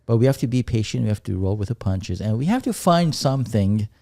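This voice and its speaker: A man co-hosting a podcast, talking things over in a reflective, unhurried way. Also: medium pitch, animated, mellow, dry recording, clean studio sound. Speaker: podcast co-host. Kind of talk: casual chat.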